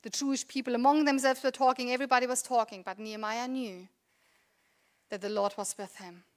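A woman's voice: on the high side, steady tone, brisk. A woman in her thirties preaching a sermon in a conversational, earnest way, asking the congregation rhetorical questions. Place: church.

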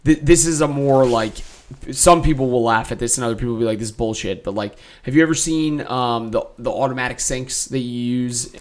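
A man's voice: mid-range voice, a little fast. A man in a casual podcast chat, thoughtfully explaining ideas and often checking in with "right?". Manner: thoughtful, explaining, frequent "right?" tag questions.

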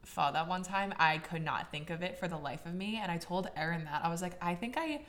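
A woman's voice: fairly low pitch, lively intonation, a bit bright. A young woman co-hosting a podcast, chatting casually and teasing playfully. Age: young adult. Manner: playful, teasing, quick to laugh. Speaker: podcast co-host. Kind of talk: casual chat.

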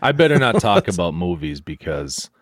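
A relaxed, slightly hesitant male podcast co-host chats casually in a low voice at normal speed. The recording is dry, with clean studio sound.

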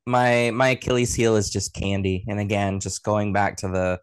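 A man's voice: fairly low pitch, level tone, normal speed, clean tone, no echo. A man in his thirties, a guest on a podcast, chatting casually and rambling with many fillers and restarts. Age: 30s. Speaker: guest, production sound engineer.

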